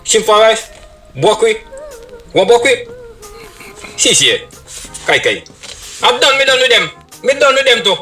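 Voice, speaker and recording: A man with a Jamaican Patois accent doing a loud, rapid comedy skit. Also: high-pitched, sing-song, faint music behind. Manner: loud, rapid, shouting playfully.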